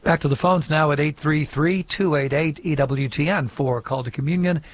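A man's voice: a little high, normal speed. Man hosting a call-in radio show.

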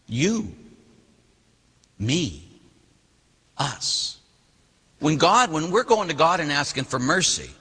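A priest preaching a sermon, lively and animated, acting out voices from the story he reads. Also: on the high side, breathy edge. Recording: long reverb of a large hall.

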